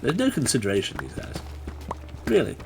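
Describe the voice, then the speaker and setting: Male streamer, chatty, animated pitch, erupts into taunts. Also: brisk, creaky, background noise. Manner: chatty, bursts into excited taunting yells. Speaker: game streamer. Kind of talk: live gaming stream commentary.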